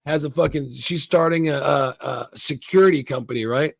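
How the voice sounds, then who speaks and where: A man with a somewhat high, gravelly voice rambles through a casual episode review, swearing freely and slipping into bits of the characters' dialogue. The sound is close and dry, with no room around it. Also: normal speed, no room sound. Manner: rambling, swears a lot, acts out quoted lines. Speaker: show reviewer. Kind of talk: casual profane recap and review.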